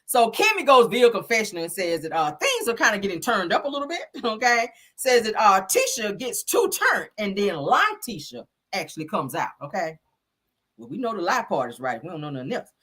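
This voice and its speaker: A woman's voice: mid-range voice, big pitch swings, fairly quick, a bit bright, breathy edge. Sassy woman recapping a reality show, blunt, cussing, voice bouncing all over. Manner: sassy, blunt, swears freely, addresses listeners directly. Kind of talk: casual commentary on a reality show.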